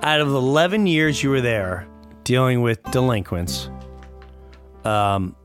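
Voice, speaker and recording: A man's voice: medium pitch, unhurried, faint music behind. A man hosting a podcast, asking a guest curious questions in a casual chat. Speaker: podcast host.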